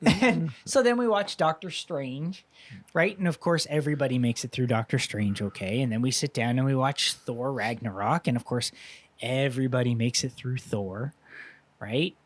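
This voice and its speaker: A man's voice: mid-range voice, normal speed. A man co-hosting a casual talk show, rambling through a long story and acting out quotes with a raised voice. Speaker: podcast co-host. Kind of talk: casual chat.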